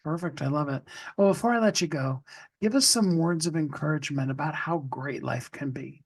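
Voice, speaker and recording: A man hosting an interview podcast, relaxed and reflective as he asks his guest questions. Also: a little high, a little fast, slightly rough. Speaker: podcast host. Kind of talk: casual interview talk.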